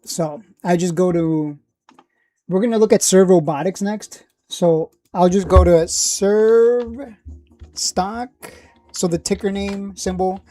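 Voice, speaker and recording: Laid-back man with a mellow voice. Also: high voice, slow. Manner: laid-back, repeats himself, talks while clicking through screens. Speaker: stock live-stream host. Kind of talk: casual live-stream chat.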